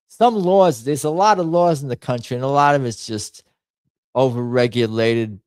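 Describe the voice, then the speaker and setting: Guy hosting a stream, kinda deep voice, rambly, thinks out loud, jokey. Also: clear, resonant tone, no room sound. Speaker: livestream host. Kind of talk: casual chat reacting to memes and viewer comments.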